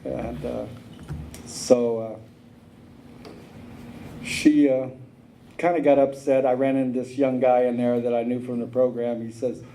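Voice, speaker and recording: A man's voice: medium pitch, flat delivery, slow, pauses often, mellow, slight background noise, low-quality recording. A man speaking at a recovery meeting, telling his own story in a plainspoken, drawling way, with many "uh"s and "you know"s.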